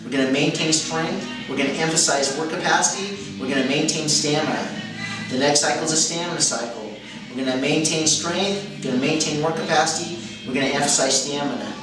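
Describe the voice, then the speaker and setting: A man whose voice is on the high side talks a little fast as he coaches, explaining a training method methodically. As a fitness coach, he keeps repeating key phrases and correcting himself, recorded in an echoey room with a distant mic and background music.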